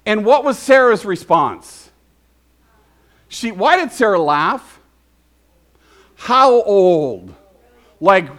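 A man with a notably high voice delivers a sermon in an easy, conversational way. He keeps turning to the congregation with questions, like a pastor talking with the room rather than at it. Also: a bit bright.

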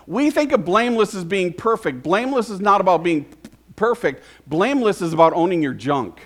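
Guy with a pretty high voice preaching, chatty sermon, keeps asking the crowd stuff. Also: animated, brisk. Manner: conversational, quizzes the congregation with questions. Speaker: pastor.

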